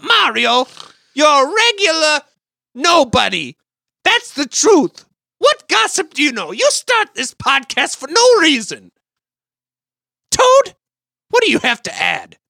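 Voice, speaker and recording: Woman as a jealous sidekick brother, male, hammy Italian accent, whiny, indignant, bright lively voice. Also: high voice, slow, gravelly, pauses often, no room sound, studio quality, exaggerated voice. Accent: hammy put-on Italian. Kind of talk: improvised podcast parody.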